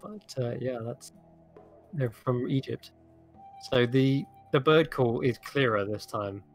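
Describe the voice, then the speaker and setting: A man's voice: mid-range voice, slow, soft background music. A man running a tabletop game as game master, describing the scene in a loose, descriptive way.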